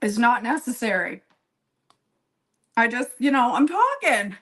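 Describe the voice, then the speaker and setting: A woman's voice: a little high, big pitch swings, unhurried, a bit bright, rough recording. A woman chatting casually to live viewers while she bakes, rambling and poking fun at herself. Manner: rambling, self-deprecating, chatty while working; talks to viewers by name, laughs often. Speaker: home baker. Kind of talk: casual live-stream baking chat.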